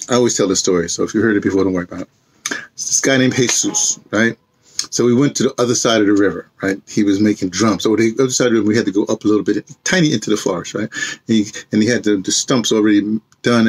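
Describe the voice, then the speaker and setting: Husky guy rambling on his vlog, laughing a lot, kinda worn out from walking all day. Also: on the low side. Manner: rambling storytelling with frequent laughs. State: tired from walking. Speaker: vlogger. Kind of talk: casual chat.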